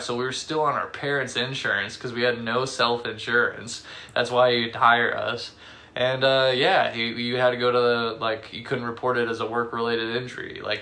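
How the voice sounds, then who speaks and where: A young man co-hosting a podcast, telling stories in a rambling, halting way with lots of fillers, a bit tipsy from beer. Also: mid-range voice, bright, forceful tone. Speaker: podcast co-host. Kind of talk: casual chat.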